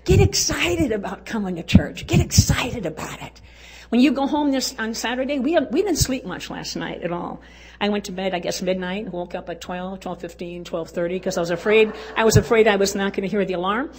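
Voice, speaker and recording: A woman's voice: medium pitch, a little fast, darkish tone. An older woman giving a folksy, exuberant testimony talk at a church women's event, urging and cheering her listeners on. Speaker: women's conference speaker.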